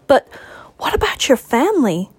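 A woman voicing a lively young woman who is a protective best friend, emphatic and teasing, raising her pitch for the part. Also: normal speed, slightly rough, dry recording, full character voice.

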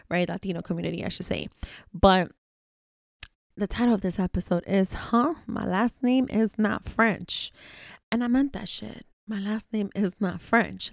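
A woman's voice: lowish voice, vocal fry, darkish tone, dry recording, studio quality. A woman hosting her own podcast, talking candidly in a loose conversational way, swearing now and then and often tagging on "right?". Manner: swears casually when annoyed. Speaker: podcast host. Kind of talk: casual solo podcast monologue.

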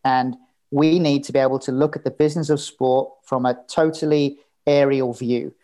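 A man's voice: mid-range voice, steady tone, moderate pace, mellow. A man talking as a podcast guest, telling his story in a candid, casual way and swearing now and then. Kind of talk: casual interview chat.

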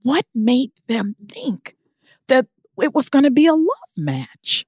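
A woman spins a comic tale, her pitch leaping wildly between lines as she laughs and exclaims. Her voice sits a little high and is recorded close and dry, as in a podcast studio. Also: takes it slowly, husky, no room sound. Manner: animated, emphatic storyteller who laughs often. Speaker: podcast co-host. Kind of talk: casual comedic storytelling.

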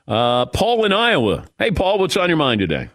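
A male sports talk radio host chats casually about football into a studio mic. His voice swings widely in pitch as he jokes and throws in asides. The sound is dry and close. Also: huge pitch swings, fairly bright tone, no room sound. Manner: conversational, joking, quick asides. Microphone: studio broadcast mic.

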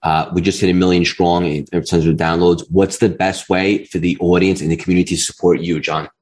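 A man's voice: deep voice, level tone, fairly quick, darkish tone. A man with a strong New York accent, hosting a podcast interview with brief, enthusiastic replies. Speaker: podcast host. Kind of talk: interview conversation.

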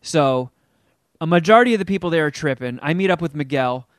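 A middle-aged man tells a story in a casual podcast chat, his voice a little high for a man. He is animated and acts out the people he quotes, with big jumps in pitch. The sound is dry and close, with no room around it. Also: brisk, dry recording. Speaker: guest telling a story.

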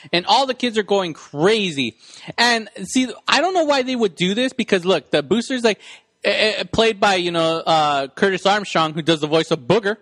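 A man's voice: high-pitched, a bit bright, dry recording. A man co-hosting a podcast, chatting casually and rambling as he retells movie scenes. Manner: rambling, acts out quotes in voices. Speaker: podcast co-host. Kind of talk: casual chat about a movie.

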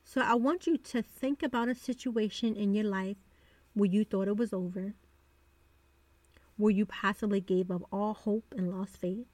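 A woman's voice: medium pitch, fairly even intonation, normal speed, a little mellow, no echo. A woman hosting a devotional podcast, talking earnestly and repeating phrases for emphasis. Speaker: podcast host.

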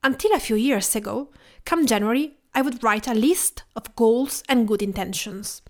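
A woman's voice: on the high side, moderate pace. Italian-accented woman podcast host. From Tuscany, Italy. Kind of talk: scripted podcast narration.

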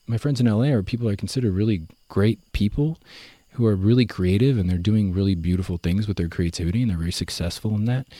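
A young man telling his story in a relaxed, rambling way, full of fillers and self-corrections. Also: on the low side, no room sound. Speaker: guest. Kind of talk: casual conversational storytelling.

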